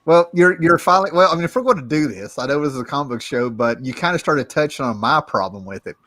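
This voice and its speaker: A man's voice: fairly high pitch, animated, fast, fairly bright tone, dry recording. A man co-hosting a live show, chatting casually and telling stories while laughing through his lines.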